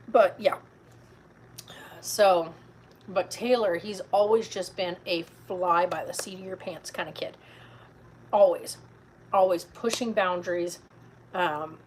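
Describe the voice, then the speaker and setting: A woman's voice: mid-range voice, a little hiss or hum, rough recording. Tired rambling woman vlogger. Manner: rambling, filler-heavy, tired. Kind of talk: casual chat. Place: car.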